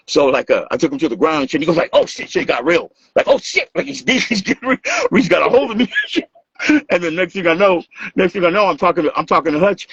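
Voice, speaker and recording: A husky man with a mid-range voice talks fast as he tells stories, appearing as a guest dancer and music maker in a casual interview. He acts out quotes, swears freely, laughs and stays animated throughout. The dry recording has a dull lo-fi quality.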